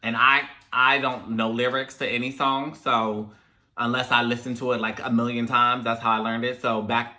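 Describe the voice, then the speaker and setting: A young man hosting a casual talk video, telling animated stories about growing up in African American English. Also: medium pitch, moderate pace. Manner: chatty, animated when telling parent stories. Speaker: host. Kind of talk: casual chat, storytelling to viewers.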